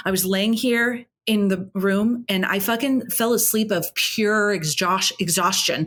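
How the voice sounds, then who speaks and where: A woman co-hosting a horror movie podcast in relaxed, casual chat. She tells stories with a loose, conversational flow, cursing now and then and adding dramatic little asides. Her voice sits at a mid-range pitch for a woman. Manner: chatty, swearing, retells a story with dramatic asides. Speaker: podcast co-host.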